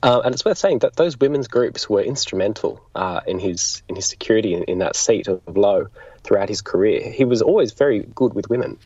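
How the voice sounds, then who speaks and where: Husky man explaining history, lo-fi sound. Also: on the low side, expressive, brisk, a little mellow, dry recording. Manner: thoughtful, explanatory, with frequent restarts. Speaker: interview guest, political biographer. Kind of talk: conversational history interview. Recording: dull lo-fi sound.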